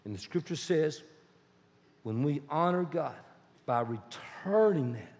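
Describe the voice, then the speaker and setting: A male pastor delivers a lively, conversational sermon in a fairly high voice. His words carry a long reverb from the church hall around him. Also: takes it slowly, long pauses. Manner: animated, conversational preaching with acted-out dialogues.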